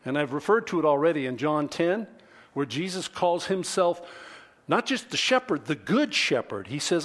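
A middle-aged male pastor preaching a sermon, deliberate and measured, dropping to near-whispers and then rising to emphatic peaks. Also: fairly high pitch, expressive. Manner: slow, deliberate preaching that swings from quiet to emphatic.

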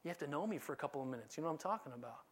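A man preaching a sermon in a conversational, animated way, now and then dropping to a soft, low delivery. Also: very fast, husky. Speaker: pastor.

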